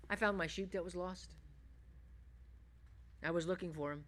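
Pastor, male, bright tense voice, emphatic preaching with hushed asides. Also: normal speed, pauses often. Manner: swings between loud emphatic bursts and hushed, low reflective passages. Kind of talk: sermon.

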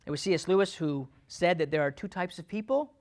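A male pastor preaching a sermon to his church, swinging from loud urgent pleading to quiet, low, earnest asides. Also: fairly quick.

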